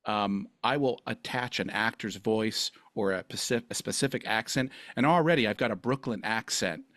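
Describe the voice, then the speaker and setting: A man's voice: fairly low pitch, normal speed, fairly bright tone, no room sound, clean studio sound. A man hosting a podcast interview, rambling and effusive in his praise. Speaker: podcast host. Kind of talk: casual interview chat.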